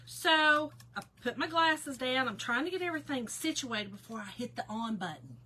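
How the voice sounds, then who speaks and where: A woman hosting a casual livestream, telling a story to her viewers in an animated way and often breaking into laughter. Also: sits high, normal speed, slightly rough. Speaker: livestream host.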